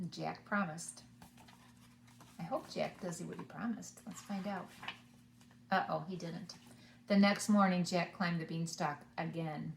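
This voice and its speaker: A woman preschool teacher reading a storybook to children, animated and inviting them to join in. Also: lowish voice, a little slow, gravelly, pauses often, roomy sound. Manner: animated, asks the children along.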